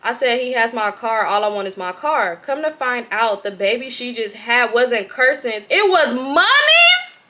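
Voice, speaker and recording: A young woman with a Southern Californian accent, a vlogger reading a viewer's story aloud with lots of profanity and animated reactions. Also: a little high, normal speed, hardly any pauses, a little hiss or hum.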